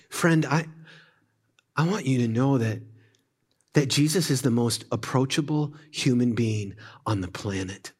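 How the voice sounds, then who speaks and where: A man preaching a sermon at a church service, impassioned, often sinking to hushed, intimate tones. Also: mid-range voice, unhurried, slightly rough. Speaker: pastor.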